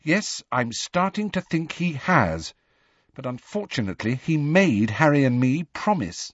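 A man's voice: on the high side, sing-song, a little slow, no room sound, dull audio, pitched above the performer's own voice. A man reading an audiobook voices a studious, bossy teenage girl, speaking firmly and a little exasperated. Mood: irritable. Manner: firm, slightly exasperated.

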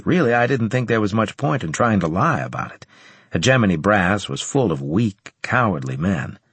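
A man narrating a first-person audiobook in a low, even, matter-of-fact way on a close studio mic. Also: slightly rough, dry recording.

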